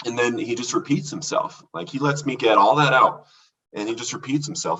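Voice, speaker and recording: A man recounting his recovery from addiction as a podcast guest, earnest and halting, with many restarts. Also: medium pitch, sharp tone, recorded from a distance, low-quality recording. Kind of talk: candid testimony in a podcast conversation.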